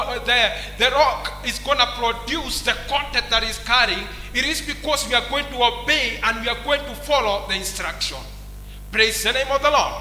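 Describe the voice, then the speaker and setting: A pastor with a Kenyan English accent preaches a sermon in a very high, pushed, bright voice, often breaking into repeated praise refrains. The large church hall is echoey, with music behind him.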